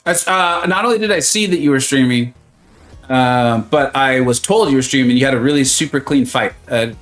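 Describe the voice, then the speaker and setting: A man's voice: medium pitch, moderate pace, fairly bright tone, soft background music. A man chatting casually and joking with viewers while streaming a game, greeting them by name. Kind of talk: casual live-stream chat.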